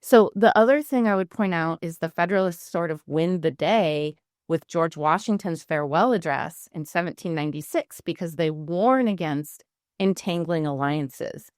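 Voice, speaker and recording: A woman, a history professor, answering interview questions in a lively, explanatory way. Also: fairly low pitch, moderate pace, no room sound, studio quality.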